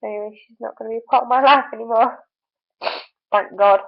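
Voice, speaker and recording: A young woman with a slightly high, gravelly voice vents in a casual video diary, frustrated and full of "like"s. The sound is thin and tinny, like it came through a phone line. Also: steady tone, fast. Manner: venting, frustrated, many fillers. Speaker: vlogger.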